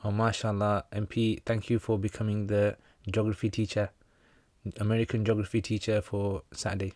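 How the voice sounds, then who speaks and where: A man hosting a casual livestream Q&A, answering religious questions and reading viewer comments in a relaxed, joking manner. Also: fairly low pitch, moderate pace, dry recording.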